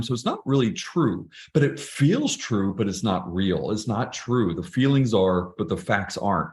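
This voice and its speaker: His voice is medium-pitched and darkish, with a sing-song lilt and moderate pace. This middle-aged podcast guest shares personal stories in a casual interview, sounding earnest and reflective and often starting over mid-thought.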